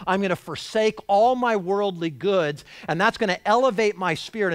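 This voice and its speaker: A man preaching a sermon as a church pastor, animated, with frequent restarts and acted-out quotes. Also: on the high side. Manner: animated, voices quotes with rising emphasis and repeated restarts. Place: church sanctuary.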